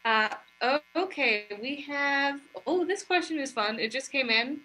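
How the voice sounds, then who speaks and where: A woman's voice: sits high, measured pace, bright, forceful tone, low-quality recording. Upbeat woman moderator reading questions.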